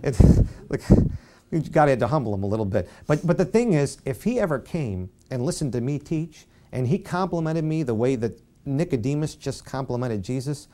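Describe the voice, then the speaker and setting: A man preaching a Bible-study sermon as pastor, conversational and self-deprecating, softly acting out quoted speech. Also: medium pitch, lively intonation, normal speed.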